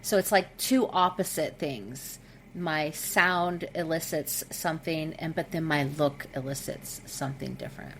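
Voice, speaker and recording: A middle-aged woman speaking as a podcast guest over a video call, candid and expressive, with frequent fillers. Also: deep voice, measured pace, a little hiss or hum. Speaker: guest, intimacy coach. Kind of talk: casual podcast conversation.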